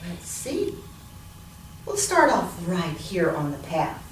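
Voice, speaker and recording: Slow, expressive woman reading to kids. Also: lowish voice, a little hiss or hum. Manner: expressive, sing-song reading with animal sounds. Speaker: children's librarian. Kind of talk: storytime read-aloud. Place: library room. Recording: roomy echo from a distant mic.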